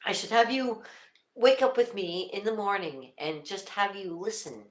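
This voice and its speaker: A woman's voice: medium pitch, normal speed. Chatty older woman, echoey room. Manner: rambling, laughs often, many restarts. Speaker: livestream host. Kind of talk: casual chat to viewers.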